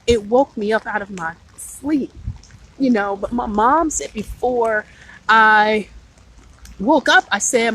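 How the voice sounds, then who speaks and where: A woman's voice: on the high side, slow pace, fairly bright tone, rough recording. A woman hosting a live stream, telling a personal spiritual story in an earnest, emotional way and greeting viewers as she goes.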